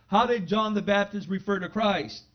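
A man with a high voice preaches to his congregation in a church, moving between easy conversational asides and loud, fervent proclamations. The recording sounds dull and lo-fi, with the top end muffled. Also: moderate pace. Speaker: pastor. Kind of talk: sermon. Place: church sanctuary.

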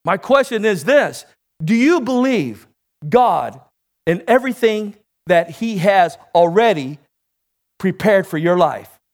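Animated high-pitched male preacher. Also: takes it slowly. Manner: call-and-response preaching, rising to shouts. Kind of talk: sermon.

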